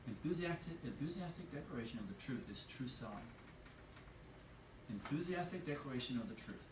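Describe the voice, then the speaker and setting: A man's voice: medium pitch, expressive, fairly quick. A man giving an enthusiastic motivational sales training talk to a live audience, asking them questions. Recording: echoey room from far off, light hiss.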